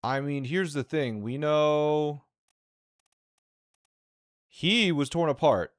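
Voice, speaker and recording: A man streaming a puzzle game, thinking aloud in live commentary, excited and quick to repeat himself. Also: on the high side, no room sound, studio quality.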